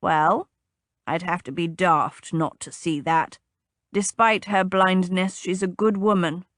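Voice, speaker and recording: Audiobook: woman doing gruff old country father, deep rumble, dry close read. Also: fairly even intonation, slow pace, a bit bright, no room sound. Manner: rumbling, blunt. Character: older gruff rural male patriarch. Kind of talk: audiobook character voice.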